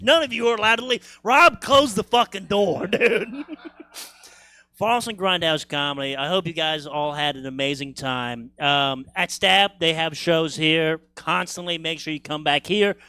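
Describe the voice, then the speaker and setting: A man emceeing a comedy show, loud and profane, rousing the crowd and closing the night. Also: high voice, normal speed, no echo, studio quality. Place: comedy theater stage.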